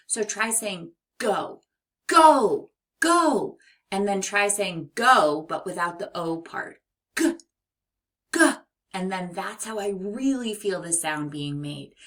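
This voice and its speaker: Woman teaching kids phonics, slow and clear, kinda low voice. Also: fairly bright tone. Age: adult. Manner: slow, clear, encouraging teacher talk to young children. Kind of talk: children's phonics lesson.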